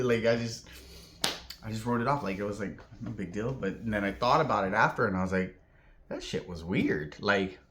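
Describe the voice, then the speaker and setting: A man from Southern California telling a personal story in a rambling vlog, heavy on fillers and acting out the voices of the people in it. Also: fairly low pitch. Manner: filler-heavy, animated, acts out quoted voices. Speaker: vlogger.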